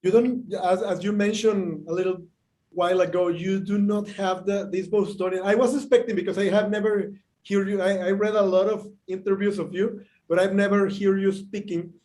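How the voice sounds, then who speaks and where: A man hosting a live-streamed interview on a video call, Spanish his first language, speaking haltingly with many fillers. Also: sits high, fairly even intonation, darkish tone. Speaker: interview host.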